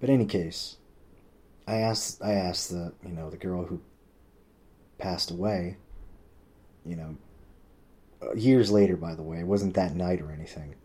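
A man with a low voice tells a long personal story in loose casual chat. He swears constantly, leans on "like," and bumps his pitch up to act out what other people said. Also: unhurried, pauses often, mellow. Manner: rambling, swears a lot, heavy use of "like"; acts out quoted people with pitch jumps.

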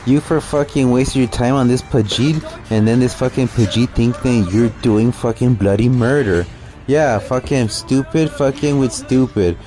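A man's voice: mid-range voice, moderate pace, music in the background. A man doing profane, mocking commentary over a video clip, with a sneering, swearing manner.

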